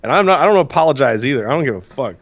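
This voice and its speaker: A man's voice: mid-range voice, racing. A man co-hosting a casual podcast, ranting with lots of swearing, congested from sinus trouble. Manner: profane, ranting, animated storytelling. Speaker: podcast co-host.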